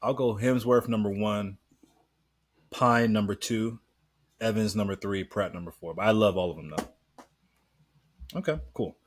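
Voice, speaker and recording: A man co-hosting a podcast in casual chat, relaxed, leading the questions and laughing easily. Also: lowish voice, measured pace, pauses often, no echo, clean studio sound. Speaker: podcast co-host.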